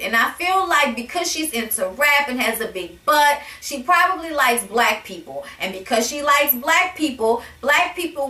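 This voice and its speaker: A woman's voice: sits high, far from the mic. Sassy, blunt woman ranting in an echoey room. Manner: sassy, blunt, profane, animated. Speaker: reality TV reviewer. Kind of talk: casual rant to camera. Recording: echoey room, voice a bit off-mic.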